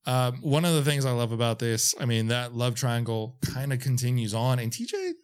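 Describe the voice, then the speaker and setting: A man's voice: medium pitch, steady tone, normal speed, smooth. Casting note: a man as a podcast co-host, blunt and matter-of-fact while summarizing. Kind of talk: casual movie discussion.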